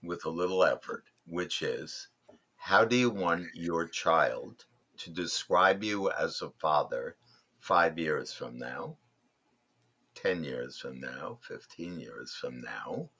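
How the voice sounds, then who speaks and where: Male guest, very low husky voice, measured storyteller, dull lo-fi sound. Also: expressive, pushed and bright. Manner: thoughtful, unhurried, frequent ums and restarts. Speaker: podcast guest, fatherhood workshop leader. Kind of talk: reflective interview storytelling.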